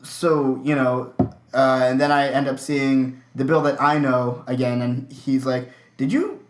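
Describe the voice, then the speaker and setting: A man's voice: medium pitch, flat delivery, unhurried. A young adult man co-hosting a podcast, telling a candid, profane anecdote in casual chat. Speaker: podcast co-host. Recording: roomy echo.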